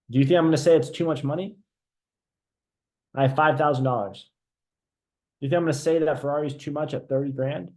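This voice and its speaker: A man leading a live online sales training. He talks with energy, keeps checking in with the audience and acts out sales calls to show how they go. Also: on the high side. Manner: energetic, repeats "right?" often, role-plays sales calls.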